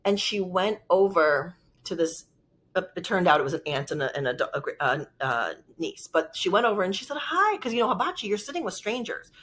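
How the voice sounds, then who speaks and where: A woman's voice: lowish voice, expressive, fairly quick, a bit bright, breathy edge. Rambling woman telling a story. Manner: rambling, lots of "like", emotional. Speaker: vlogger. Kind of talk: casual storytelling.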